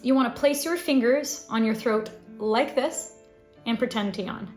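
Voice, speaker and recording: A woman voice teacher giving a scripted singing lesson, explaining clearly and now and then demonstrating sounds. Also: fairly high pitch, moderate pace, darkish tone, echoey room, soft background music. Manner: clear instructive delivery with sung demonstrations.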